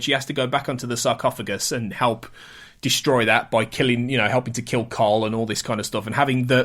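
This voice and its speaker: A man hosting a podcast, talking in a chatty, animated way with frequent restarts. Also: mid-range voice. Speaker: podcast host. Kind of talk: casual chat.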